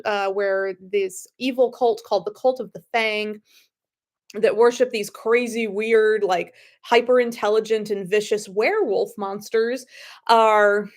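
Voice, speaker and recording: A sniffly woman, the author of the story, reading her own work aloud. Her voice sits fairly high, and she chats through the setup with plenty of fillers and restarts. She is clearly not a trained narrator. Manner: chatty, with many fillers and restarts. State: slightly sniffly. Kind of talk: casual story introduction and reading.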